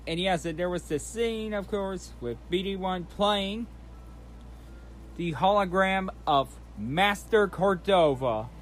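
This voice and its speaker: A man hosting his channel, recapping in a casual, rambling way, often restarting and repeating himself. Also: high voice. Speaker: channel host recapping a trailer.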